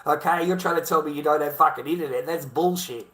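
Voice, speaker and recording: An Australian man holding forth in a casual monologue, his voice sitting a bit high and coming out hard and tense. He talks bluntly and swears constantly, driving his points home with repeated rhetorical questions. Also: fast talker, a bit bright. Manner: blunt, heavily profane ranting.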